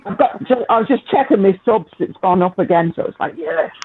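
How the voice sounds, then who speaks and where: A man's voice: sits high, sing-song, brisk, vocal fry, husky. A man with a Northern English accent hosting a casual live chat, talking freely, swearing and laughing often. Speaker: livestream host. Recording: tinny phone-like line.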